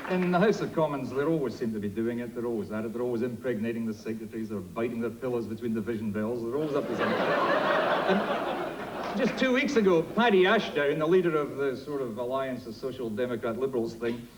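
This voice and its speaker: A man's voice: medium pitch, brisk, slight background noise, poor audio. A man with a Scottish accent giving a jokey, punchy comic debate speech from a theatre stage. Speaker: debater, politician. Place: theatre stage before an audience.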